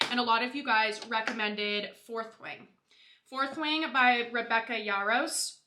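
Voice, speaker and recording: A woman's voice: on the high side, unhurried, reverberant, noisy background. A young woman in her twenties chatting casually and gushing to her viewers while doing her makeup, full of "like" and "you guys.". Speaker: beauty vlogger.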